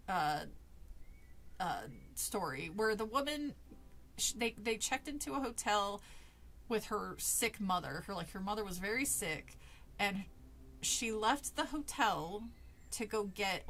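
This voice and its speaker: A woman's voice: a little high, fairly bright tone, slight background noise. A young woman streaming a book reading, breaking off for casual, sarcastic commentary with swearing and laughs.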